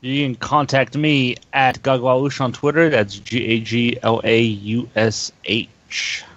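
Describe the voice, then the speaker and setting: A man, a podcast regular, giving shout-outs in a hesitant, casual way with fillers. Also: mid-range voice, flat delivery, takes it slowly. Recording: dry, dull lo-fi audio.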